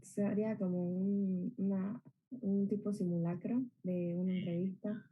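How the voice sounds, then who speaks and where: Native Spanish-speaking woman student, flat, hesitant delivery. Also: mid-range voice, normal speed, breathy edge, narrow, tinny audio. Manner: hesitant, tentative answer.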